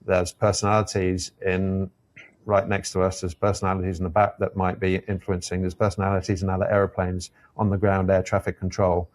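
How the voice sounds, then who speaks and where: Deep-voiced airline captain, thoughtful and measured. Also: male voice, completely flat delivery. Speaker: airline captain and podcast guest. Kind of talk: reflective conversational interview.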